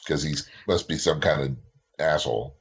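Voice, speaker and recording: A man's voice: very deep voice, normal speed, vocal fry, husky. A man co-hosting a casual movie podcast, making wry quips about what is on screen. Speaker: podcast co-host. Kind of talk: casual movie-review chat.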